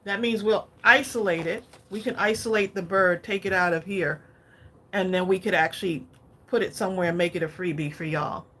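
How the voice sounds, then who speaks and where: A woman's voice: fairly low pitch, fairly even intonation, fairly quick, pushed and bright. A woman hosting a craft livestream, chatting casually and often asking viewers what they think. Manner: chatty, keeps asking viewers their opinion.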